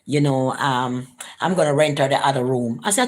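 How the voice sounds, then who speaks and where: A woman telling a personal story in a casual vlog, acting out what others said in lively voices. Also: normal speed. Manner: animated, acts out quoted voices, rising pitch for quotes.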